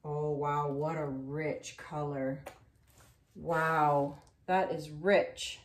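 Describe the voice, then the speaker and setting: Extremely slow and fairly even in intonation, this deep-voiced woman in her thirties paints acrylic pours while telling a story in a casual, rambling way full of fillers. Her words echo around the room.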